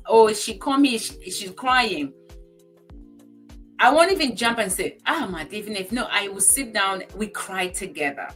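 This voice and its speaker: On a talk show, a woman with a medium-pitched, slightly bright voice tells personal stories with emphasis and feeling. Her talk is casual chat, and she acts out her friend's remarks in quoted voices.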